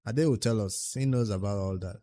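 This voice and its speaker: A man's voice: lowish voice, brisk, mellow. A man with a Nigerian accent livestreaming a game, chatting casually, answering viewers' questions and muttering about his progress. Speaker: game streamer.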